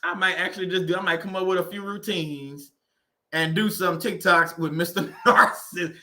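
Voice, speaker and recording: A man's voice: high voice, steady tone, normal speed, pushed and bright. A man hosting a faith-based livestream, chatting casually with viewers and laughing and joking often.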